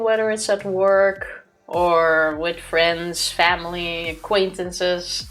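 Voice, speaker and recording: A woman's voice: lowish voice, fairly even intonation, slow pace, faint music behind. A woman co-hosting a let's play stream, chatting casually and laughing easily as she tells a story about work. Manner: chatty, laughs easily while telling stories.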